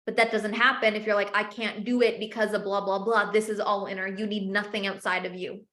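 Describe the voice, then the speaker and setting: A woman's voice: mid-range voice, level tone, brisk, a bit bright, reverberant. A woman sales coach teaching a live masterclass, speaking with passion and emphatic repetition.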